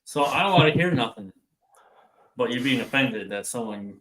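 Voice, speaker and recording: A man's voice: mid-range voice, expressive, moderate pace, a bit bright, roomy sound, rough recording. An older man with an Upper Midwest American accent from Wisconsin, rambling and swearing through a casual chat as a livestream co-host. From Wisconsin, USA. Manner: rambling, profane, laughs a lot.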